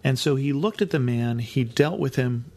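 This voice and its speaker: A man's voice: medium pitch, animated, moderate pace, a little mellow. A man teaching from the Bible on a podcast, reading passages aloud and then explaining them with dry humor.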